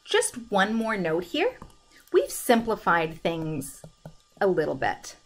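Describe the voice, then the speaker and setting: A woman's voice: medium pitch, huge pitch swings, slow. A woman teacher talking through a currency conversion problem step by step in a recorded math lesson. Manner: methodical, talks through each step aloud.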